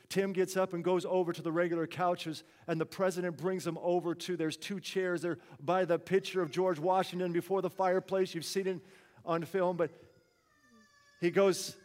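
A man's voice: high voice, fairly even intonation, moderate pace, darkish tone, long reverb tail. A man preaching a sermon, telling a story in an earnest, conversational way.

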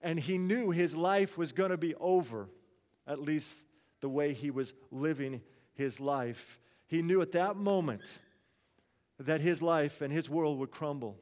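A man's voice: a little high, measured pace, a little mellow, big-room sound. A man preaching a sermon, telling a story in an earnest, conversational way.

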